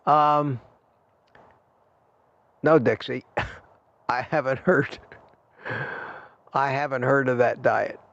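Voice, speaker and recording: Older man, gravelly voice, rambling livestream host reading chat, dull lo-fi audio. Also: medium pitch, fairly even intonation, very slow, long pauses, fairly bright tone. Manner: reads chat aloud, thanks viewers, rambling. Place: home desk at a computer.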